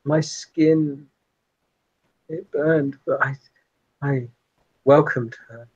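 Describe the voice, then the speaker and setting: A man voicing an ancient, haunted female vampire who speaks in slow, halting phrases. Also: mid-range voice, fairly even intonation, darkish tone, slightly rough, dull audio.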